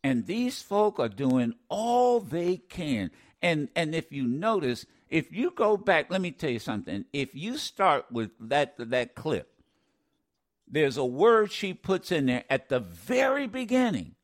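A man's voice: a little high, very animated, unhurried. A man hosting a talk radio show, commenting with passion, often stammering and restarting, repeating lines for emphasis like a preacher.

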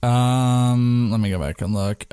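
A man's voice: mid-range voice, steady tone, slow pace, warm tone, smooth, no room sound, clean studio sound. A man from Arizona co-hosting a podcast, bantering and joking about his fantasy football lineup. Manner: joking, self-deprecating banter. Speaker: podcast co-host. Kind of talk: casual fantasy football chat.

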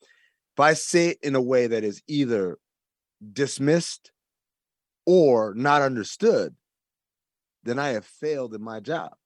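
A man's voice: medium pitch, lively intonation, slow, long pauses, no echo, clean studio sound. A man in casual conversation, explaining his views earnestly and making his point through comparisons. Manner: earnest, explanatory, uses analogies.

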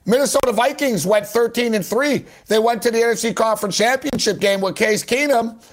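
A man hosting a sports talk radio show, arguing his takes on football trades in an animated, rapid way. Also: very high-pitched. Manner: animated, rapid, argumentative, keeps addressing his guest.

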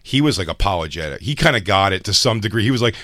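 A man's voice: lowish voice, animated, fast talker, a bit bright, no room sound, studio quality. A man hosting a casual chat, telling profane, rambling stories and restarting his sentences. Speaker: podcast host.

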